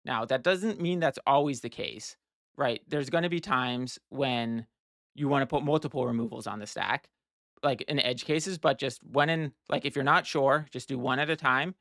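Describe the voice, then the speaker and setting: A man's voice: medium pitch, a bit bright, dry recording, clean studio sound. A man walking through a card game match, explaining his plays step by step and thinking aloud with restarts and fillers. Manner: explanatory, plans moves step by step. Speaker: card game strategy teacher. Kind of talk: casual gameplay walkthrough.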